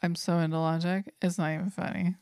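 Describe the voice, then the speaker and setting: Smooth, low-pitched woman co-hosting. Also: flat delivery, fairly quick, a little mellow. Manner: laughs often, playful and chatty. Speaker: podcast co-host. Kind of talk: casual chat.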